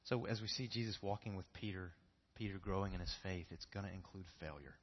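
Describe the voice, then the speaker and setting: A man's voice: low voice, fairly quick, dull audio. A man preaching a sermon in a church, earnest and repeating key phrases for emphasis. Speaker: pastor.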